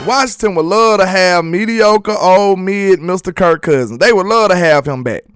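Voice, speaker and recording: A man's voice: sits high, moderate pace, a bit bright, smooth, no echo, soft background music. A man hosting a casual sports live stream, reading viewer comments aloud in a loose, slangy, repetitive way and laughing often.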